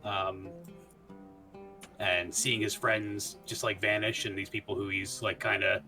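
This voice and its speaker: A man with a low, bright, forceful voice describes what his character does in a tabletop game, hesitating and filling pauses as he goes. Faint music plays in the background. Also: flat delivery. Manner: hesitant, many fillers. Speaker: player.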